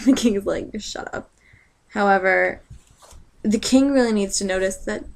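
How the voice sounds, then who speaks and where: A young woman casually recapping a book chapter in a rambling, sarcastic way, full of fillers and side jokes. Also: mid-range voice. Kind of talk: casual chat.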